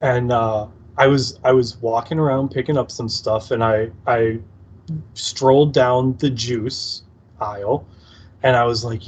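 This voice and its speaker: A man's voice: medium pitch, steady tone, unhurried. A man co-hosting a casual podcast, wry and teasing, often laughing. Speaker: podcast co-host. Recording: slightly dull lo-fi audio.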